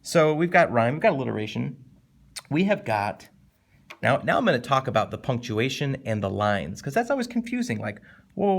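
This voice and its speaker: A man teaching a casual, animated literature lesson, jumping up in pitch to stress points and slowing down to read poem lines. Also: gravelly. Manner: animated, conversational, with sudden lifts in pitch for emphasis; reads poem lines slowly and deliberately.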